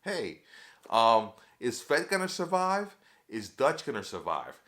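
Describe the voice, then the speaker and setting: Male TV recap host, mid-pitched, excitable and chatty, talks straight to the viewers as y'all. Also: measured pace. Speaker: TV episode reviewer. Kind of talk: casual recap chat.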